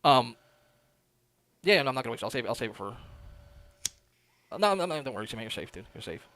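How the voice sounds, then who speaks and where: A man's voice: mid-range voice, very animated, quick pace, sharp tone. A man chatting on a livestream as a guest, rambling and hesitant, with plenty of fillers and swearing. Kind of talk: casual livestream chat.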